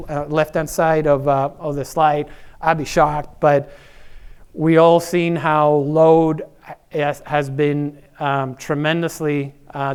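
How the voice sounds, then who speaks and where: A man's voice: on the high side, clean tone. A middle-aged man giving a conference presentation in a conversational way, with many fillers, repeated words and tag questions. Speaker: energy services executive presenting.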